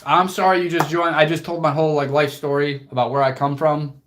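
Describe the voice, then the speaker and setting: A young man with a slightly high voice talks straight to his livestream viewers. He is earnest and motivational, swears casually, and lets his emotion show as he speaks. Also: little pitch movement, a little fast, a bit bright, slight background noise. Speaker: fitness coach and livestream host.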